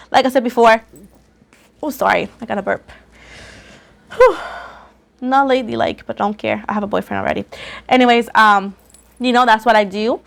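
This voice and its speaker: Hosting her tarot channel, a woman chats casually to viewers, rambling and often repeating herself. Her voice is a little rough from coughing, pitched on the high side with a fairly bright tone.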